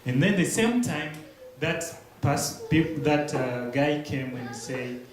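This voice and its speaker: A young man giving a church testimony, telling his story slowly and haltingly with pauses and restarts. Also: a little high, lively intonation. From Democratic Republic of the Congo. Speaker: guest speaker. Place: large echoey church hall. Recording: very echoey room, faint hiss.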